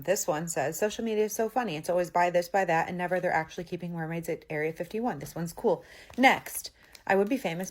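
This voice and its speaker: A woman's voice: fairly low pitch, slight background noise. A woman telling viewer-submitted stories in a casual, conversational way, often saying "like" as she goes. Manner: chatty, conversational, with frequent "like" and "he's like". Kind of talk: casual storytelling to camera.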